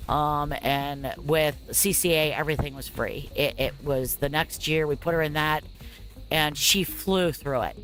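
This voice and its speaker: Faint music plays as a mother in her forties narrates her own long story over gameplay. Her voice sits low and a bit bright, her pace measured, and her telling is rambling and frank, packed with fillers, asides and "blah, blah, blah."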